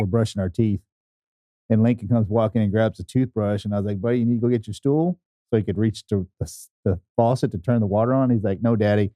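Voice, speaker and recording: A man's voice: lowish voice, dry recording, highs cut off. A man co-hosting a podcast, telling rambling stories in casual chat with repeated words. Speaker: podcast co-host.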